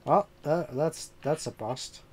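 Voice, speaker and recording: A man's voice: on the high side, slow, a little hiss or hum. A man giving casual gameplay commentary, loose and joking, cursing now and then as he plays. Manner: loose and joking, swears casually, reads game dialogue aloud. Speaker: let's play gamer.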